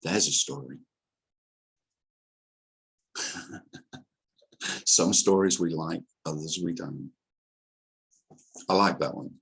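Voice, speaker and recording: Gravelly man in his sixties, wry. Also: extremely low pitch, slow pace, long pauses, fairly bright tone, low-quality recording. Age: 60s. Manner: wry, self-mocking, chatty. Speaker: meeting host. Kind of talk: casual group talk.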